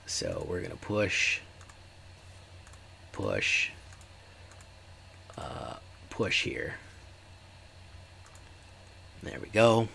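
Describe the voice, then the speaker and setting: Deep lively guy streaming a card game, gravelly voice, chatting with his chat. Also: drawn-out words, long pauses, slight background noise. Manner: chatty, talks to live chat. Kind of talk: casual gameplay commentary.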